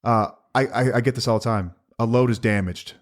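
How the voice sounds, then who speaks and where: A man's voice: medium pitch, a little fast. A man, co-hosting a casual podcast and talking emphatically, with a sarcastic streak. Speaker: podcast co-host.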